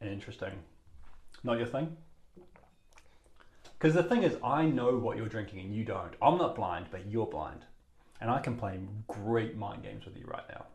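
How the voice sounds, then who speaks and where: Podcast co-host, New Zealand man, lively swooping delivery, wry banter, roomy echo on the recording. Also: lowish voice, normal speed, pauses often. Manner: animated, wry, teasing. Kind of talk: casual chat over whiskey tasting.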